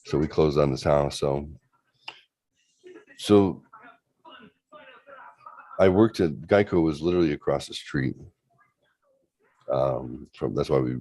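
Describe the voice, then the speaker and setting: A man's voice: extremely low pitch, measured pace, long pauses, dark tone, no echo. A man in his forties casually telling a long story on a livestream, loose and profane, with lots of rambling asides. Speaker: show host.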